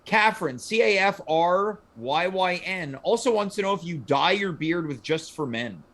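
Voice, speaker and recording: A man's voice: high voice, animated, normal speed, fairly bright tone. A man hosting a casual livestream chat, asking playful mock-formal questions. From Canada. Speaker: host.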